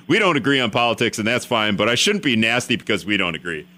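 A man's voice: mid-range voice, animated, fast, hardly any pauses, bright, forceful tone. A man hosting a radio talk show, rambling and self-deprecating with many restarts.

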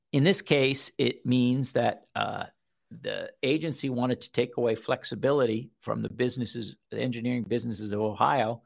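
A man's voice: mid-range voice, vocal fry. A man giving casual legal commentary on a program, reading quoted passages aloud with frequent fillers and restarts, and a wry tone. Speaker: legal commentator on a radio show.

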